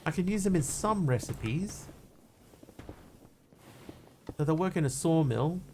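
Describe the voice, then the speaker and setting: A man live-streaming a block-building game, chatting loosely with viewers as he plays and greeting new arrivals with bursts of excitement. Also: fairly high pitch, normal speed, a little hiss or hum. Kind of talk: casual game commentary.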